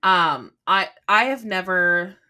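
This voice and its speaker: A woman in her thirties co-hosting a podcast, telling a story about her morning in a chatty, animated way. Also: lowish voice, slow pace, clear, resonant tone. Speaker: podcast co-host. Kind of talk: casual chat.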